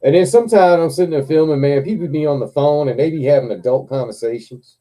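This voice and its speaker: Dark-voiced man telling a wild story. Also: on the high side, fast talker. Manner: laughs often, swears freely, animated retelling. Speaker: live stream host. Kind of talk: casual storytelling chat.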